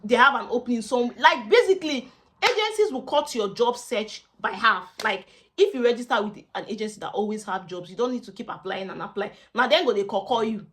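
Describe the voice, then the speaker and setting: A woman's voice: on the high side, fairly quick. A young woman with a Nigerian accent giving casual advice to students in a vlog. She talks in a chatty way, repeats herself often and slips into pidgin asides. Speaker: student vlogger.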